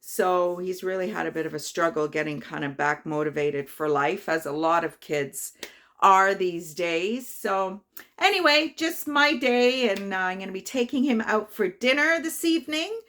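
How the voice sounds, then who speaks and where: A woman, chatting casually to her vlog viewers in a mid-range voice. She tells a personal story with feeling, pausing often on ums and uhs. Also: mid-range voice, a bit bright. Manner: personal, emotional storytelling with many fillers. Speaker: vlogger.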